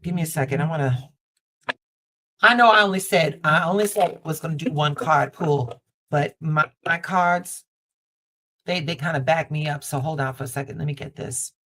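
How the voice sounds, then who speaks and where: A woman's voice: low voice, moderate pace, a bit bright. Woman tarot reader live-streaming from home, affectionate, emphatic repetition. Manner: affectionate, calls viewer baby and mama; repeats phrases for emphasis. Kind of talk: live-stream card reading. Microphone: basic streaming setup.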